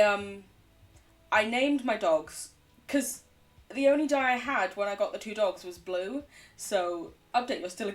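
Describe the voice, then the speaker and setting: A woman's voice: medium pitch, far from the mic. A woman game streamer chatting casually and rambling as she plays, laughing often. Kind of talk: casual gaming chat.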